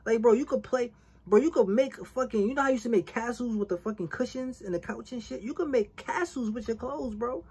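A woman's voice: fairly high pitch, a little fast, darkish tone, breathy edge. A woman hosting a reaction video, giving casual, profane commentary full of street slang and acting out imagined back-and-forth dialogue.

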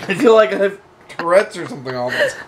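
A woman's voice: medium pitch, a little hiss or hum. A woman co-hosting a home vlog in casual, joking chat, laughing and complaining as she talks. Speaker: vlog co-host.

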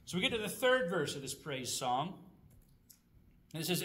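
High-voiced man teaching a Bible study. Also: sing-song, moderate pace, pauses often, fairly bright tone. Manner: conversational, asks rhetorical questions, reads scripture aloud.

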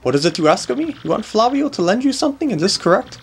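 A man's voice: sits high, very animated, fast, gravelly, a little hiss or hum, pitched above the performer's own voice, exaggerated voice. A man reading out a pompous rich nobleman. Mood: haughty. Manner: haughty, scornful, grandiose. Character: pompous wealthy nobleman, haughty and theatrical. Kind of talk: reading game dialogue aloud.

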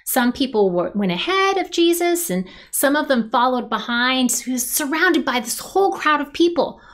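A woman leading a children's worship service, telling a Bible story with lively sound effects and cheers for the kids to join. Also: high-pitched, normal speed. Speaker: children's ministry leader.

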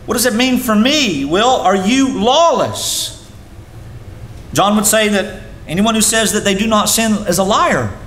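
Male pastor, high-pitched, preaching with sharp pitch swings; echoey room, faint noise. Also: animated, a little slow. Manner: preaching with sudden rises and drops in pitch. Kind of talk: sermon.

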